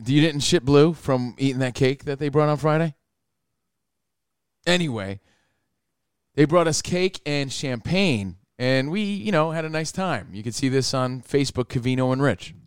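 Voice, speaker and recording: A man's voice: medium pitch, moderate pace, clean tone, no echo, clean studio sound. A man hosting a talk radio show, telling crude joking stories in casual banter.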